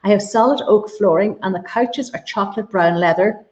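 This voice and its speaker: Reading viewer questions on a live-streamed interview, this Donegal-accented Irish host sounds effusive and enthusiastic. Her voice is medium-pitched and a little mellow, and she speaks briskly. The room echoes and the sound is dull and lo-fi.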